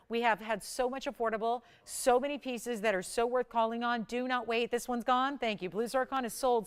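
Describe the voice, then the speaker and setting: A woman's voice: on the high side, clean tone. A middle-aged woman hosting live jewelry sales on a shopping channel, pushing urgent countdown price reveals.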